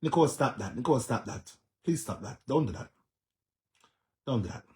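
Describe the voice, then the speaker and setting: A man's voice: mid-range voice, expressive, fairly quick. A Jamaican man hosting a vlog, giving emphatic reaction commentary, repeating himself and often laughing. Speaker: vlog host.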